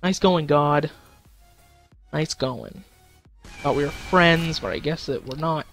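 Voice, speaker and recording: A man's voice: fairly high pitch, slow pace, vocal fry, a bit bright, faint music behind. A young man in casual live-stream commentary, goofy and crude, talking to himself and his chat with sudden silly outbursts. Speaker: gaming streamer.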